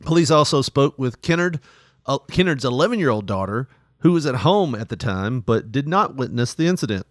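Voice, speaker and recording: A man's voice: medium pitch, lively intonation, fairly quick, no room sound, clean studio sound. A man co-hosting a casual podcast, laughing often and reading news stories aloud with joking asides. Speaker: podcast co-host.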